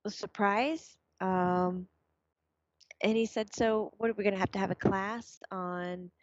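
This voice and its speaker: A woman in casual conversation, talking in a middle pitch and passing along what someone else said, with lots of "um" and "you know." The recording sounds dull and lo-fi, with a dry, close sound and no room echo. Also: a little slow. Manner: relays quotes in a chatty, animated way with fillers. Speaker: medium relaying her son's words. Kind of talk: casual chat.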